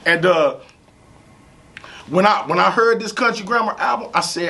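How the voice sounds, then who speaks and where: Gravelly, animated St. man. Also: high-pitched, normal speed, long pauses. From St. Louis, USA. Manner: animated, profane, repeats "you know what I'm saying". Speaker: rapper interview guest. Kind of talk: casual storytelling interview.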